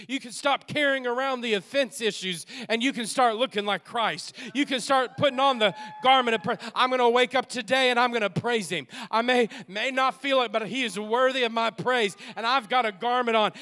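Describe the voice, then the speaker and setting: A man's voice: very high-pitched, bright, forceful tone. A man preaching a sermon as pastor in a church, with an impassioned, repetitive preaching cadence. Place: church sanctuary.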